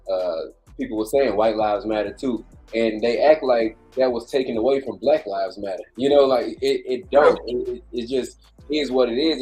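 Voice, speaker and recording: A man co-hosting a podcast, speaking in a measured, thoughtful way with hesitant pauses. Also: mid-range voice, darkish tone. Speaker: podcast co-host. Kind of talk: casual chat.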